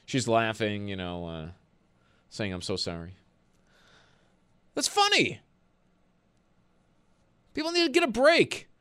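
Animated male sports radio host. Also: mid-range voice, slow pace, long pauses, clean tone. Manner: animated, exasperated ranting with laughs. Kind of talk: call-in sports talk.

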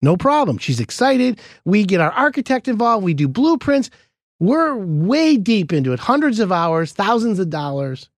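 Animated high-voiced male storyteller. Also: moderate pace, no echo, studio quality. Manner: animated, acts out quoted dialogue. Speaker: podcast host, home contractor. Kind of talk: casual storytelling chat.

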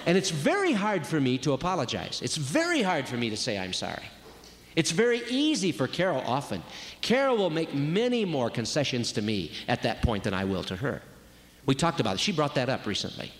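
A fairly quick, sing-song voice on the high side belongs to a man preaching conversationally on marriage at a retreat. He acts out quoted voices as he goes, and the sound carries the long echo of a big hall.

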